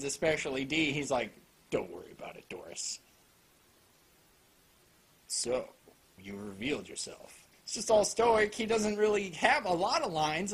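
A man rants through a casual anime review with sarcasm and plenty of profanity. His voice is somewhat husky, and his pitch rises and falls in lively swings as he mocks and praises. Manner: animated.

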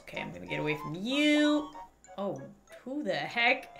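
A young adult woman giving gaming commentary as a YouTuber, with an excitable, giggly, dramatic manner. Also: mid-range voice, moderate pace, vocal fry, faint music behind.

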